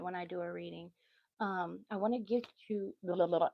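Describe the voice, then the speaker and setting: A woman's voice: fairly low pitch, steady tone, brisk, creaky, dry recording, dull audio. Chatty motherly woman reading tarot. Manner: chatty, easily sidetracked, motherly asides. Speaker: tarot reader. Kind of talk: casual livestream tarot reading.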